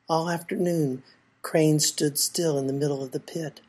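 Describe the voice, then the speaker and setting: A woman reading a folk tale aloud in a measured, expressive way. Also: deep voice, husky. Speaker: storyteller.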